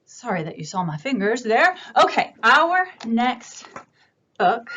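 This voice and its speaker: A woman librarian leading a virtual children's storytime, reading slowly and asking the kids gentle questions, recorded on a camera in a library room. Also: on the high side, sing-song. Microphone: camera on a stand. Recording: dull lo-fi camera audio, faint room hiss.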